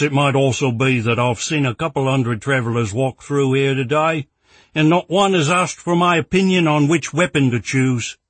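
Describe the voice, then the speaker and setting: A man voicing a gruff, sardonic male weapons trainer in an audiobook, speaking louder and higher than his narration. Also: no echo, natural voice.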